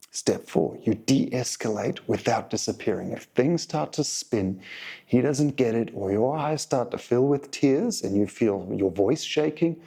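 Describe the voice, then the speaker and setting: A man hosting a relationship advice channel, speaking in a calm, deliberate coaching monologue to viewers. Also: medium pitch, vocal fry, slightly rough.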